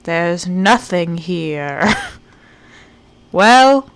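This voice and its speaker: Bright-toned and medium-pitched, a woman streams a game live at a moderate pace. She keeps up a playful running chatter to herself as she searches, with a jokey mock-British phrase here and there.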